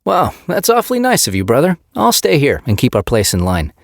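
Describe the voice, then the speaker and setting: A playful young man needles his brother with sly, animated teasing, as a male narrator puts him on. The recording is dry and close. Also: mid-range voice, a little fast, gravelly, no room sound, voice pushed up, heavily acted.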